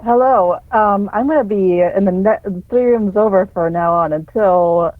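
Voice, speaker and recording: A woman's voice: medium pitch, unhurried, no echo. A woman playing a tabletop game over voice chat, hesitant with many fillers, heard through muffled audio. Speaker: player. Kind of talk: casual play over voice chat. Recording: muffled phone-quality audio in a dry room.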